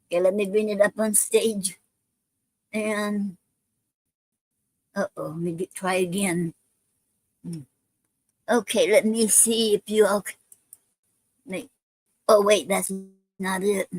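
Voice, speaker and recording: A woman's voice: mid-range voice, fairly even intonation, takes it slowly, pauses often, darkish tone, no room sound, low-quality recording. A woman hosting a casual live stream, talking with many ums and restarts.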